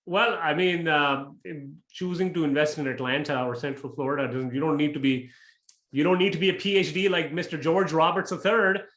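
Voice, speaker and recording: Man, candid guest, straight-talking, slightly high voice, echoey room. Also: steady tone, a bit bright. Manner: blunt, frank, rapid bursts of speech. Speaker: interview guest, real estate investor. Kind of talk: candid interview answers.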